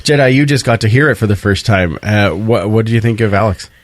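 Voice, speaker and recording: A man's voice: on the low side, fairly quick, dry recording. A man hosting a podcast, chatting in a friendly way with his co-hosts. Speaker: podcast host. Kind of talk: casual podcast chat.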